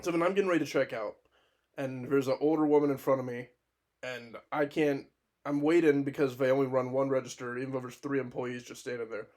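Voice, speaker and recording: A man co-hosting a podcast, telling a wild anecdote in casual chat, animated and profane, laughing often. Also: medium pitch, a little fast. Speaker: podcast co-host.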